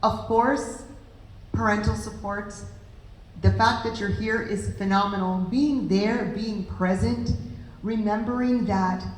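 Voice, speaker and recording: A woman's voice: mid-range voice, unhurried, a little mellow, roomy sound, low-quality recording. A woman giving an earnest, emphatic talk to a group of parents, speaking directly to the audience. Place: meeting room with audience.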